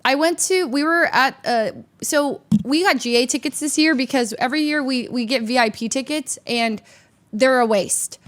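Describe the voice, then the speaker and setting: Woman streamer rambling through a story, kinda high voice, a bit worn out from yelling, lots of restarts. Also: moderate pace. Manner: animated storytelling with lots of restarts and acted quotes. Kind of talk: casual chat.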